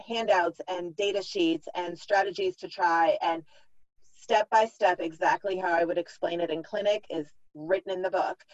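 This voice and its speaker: A woman's voice: fairly low pitch, steady tone, moderate pace, dry recording, highs cut off. A middle-aged woman, a clinician and author, explaining her methods in a podcast interview and acting out what parents think. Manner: explanatory, practical, acts out parents' thoughts.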